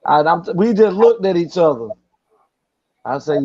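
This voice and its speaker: A man's voice: high voice, animated, normal speed. A man tells a story in casual conversation. He slips into the voices of the people he quotes. The sound is a little dull and lo-fi. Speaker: host.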